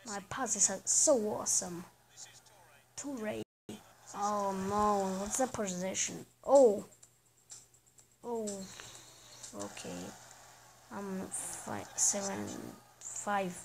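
A woman's voice: medium pitch, lively intonation, drawn-out words, vocal fry, pauses often, darkish tone, slight background noise, low-quality recording. A woman giving casual commentary over a soccer video game, chatting and reacting aloud to each play. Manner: chatty, reacts aloud to plays, often trails off. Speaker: gaming channel host.

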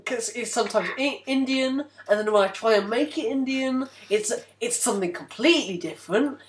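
A man's voice: extremely high pitch, fairly quick. A man hosting a casual gameplay video, rambling and joking with frequent self-interruptions. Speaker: game video host.

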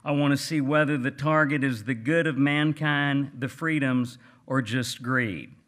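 A cranky older Texas gentleman, as a man puts him on, reading in a plainspoken, folksy drawl with a dry edge. His Texan accent carries the lines at a middle pitch, pushed a little higher than the reader's own. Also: measured pace, close to an everyday voice. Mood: reflective. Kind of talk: reading aloud at a book event.

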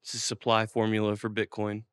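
A male host with a lowish, smooth voice asking offbeat interview questions in a deadpan, awkward way. The recording is close and dry, with no echo. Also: fairly quick.

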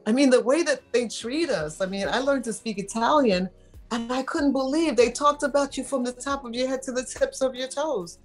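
A woman's voice: high-pitched, normal speed, soft background music. A middle-aged woman from New York, a model telling stories in a casual interview and acting out the voices she quotes. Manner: animated storyteller, acts out quoted voices.

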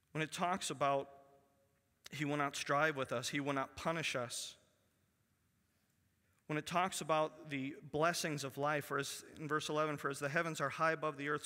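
Pastor guy preaching, bright voice, reads verses then goes real quiet, big echoey church hall. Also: on the high side. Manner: reads scripture aloud, dropping to a hushed voice for emphasis. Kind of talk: sermon. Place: church sanctuary. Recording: long church hall reverb.

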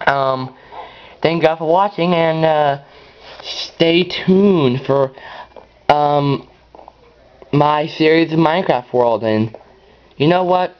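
A man giving rambling, excitable gameplay commentary as host of his own channel, now and then breaking into high yells. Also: slow, long pauses, clean tone. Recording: dull lo-fi recording.

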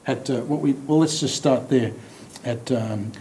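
A man teaching a Bible study in a warm, mellow voice. He talks in a halting, thoughtful way with fillers and restarts, and he slows down on key words. The recording sounds roomy and echoey, with a faint low rumble behind him. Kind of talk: teaching, explaining scripture.

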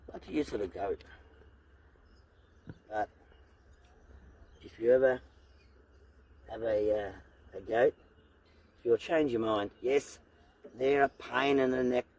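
A man's voice: medium pitch, fairly even intonation, slow pace, pauses often, darkish tone, low-quality recording. A middle-aged Australian man vlogging casually outdoors on his farm, rambling earnestly with many fillers and restarts. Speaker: homestead vlogger. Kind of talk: casual talk to camera. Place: outdoors on a farm among goats.

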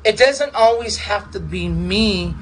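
Slow, repetitive male pastor. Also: high-pitched, expressive, fairly bright tone, slight background noise, poor audio. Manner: repetitive, halting storytelling. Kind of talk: personal testimony.

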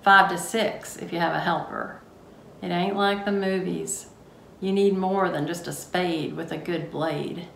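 A woman's voice: fairly low pitch, steady tone, unhurried, gravelly, fairly bright tone. A woman with a Texas accent voicing a blunt, matter-of-fact rural cemetery caretaker in a plainspoken drawl, reading a novel's prologue aloud. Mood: grim, matter-of-fact. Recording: roomy room, faint noise.

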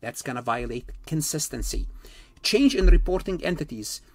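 A man's voice: on the high side, animated, moderate pace, no room sound. A man giving a recorded accounting lecture, stressing key points and repeating them.

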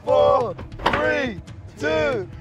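A man in excited group banter, loud and excitable and laughing often. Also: very high-pitched, extremely slow, muffled recording, over loud music. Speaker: group video member.

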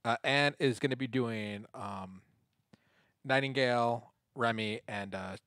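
A man explaining the roles to viewers in a halting, self-deprecating way on a game stream. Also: medium pitch, a bit bright, no room sound, clean studio sound. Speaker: player. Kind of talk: casual chat on a game stream.

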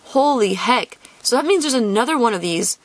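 A young woman with a highish, expressive voice chats casually with viewers while opening card packs, speaking at normal speed with no room sound. This card-opening vlogger is bubbly and squeals over the cute cards.

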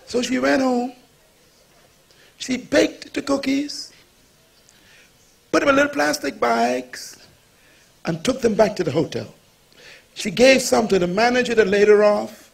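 A male pastor preaching a sermon, telling a story with lively acted-out dialogue and calling on the congregation to repeat after him. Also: extremely high pitch, vocal fry, slightly rough. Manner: animated storyteller, acts out dialogue, calls on the congregation.

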